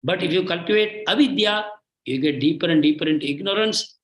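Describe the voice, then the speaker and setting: A man's voice: high voice, fairly quick, a bit bright, roomy sound, poor audio. A man giving a lecture on scripture, speaking emphatically, repeating phrases and checking in with "hmm?". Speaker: spiritual teacher.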